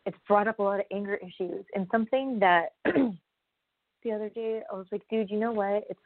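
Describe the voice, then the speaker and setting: A woman's voice: mid-range voice, fairly even intonation, a little fast, dry recording. Chatty woman vlogging over a tinny line. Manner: rambling, candid, loses her train of thought. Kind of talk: casual personal vlog talk. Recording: dry, phone-like narrow sound.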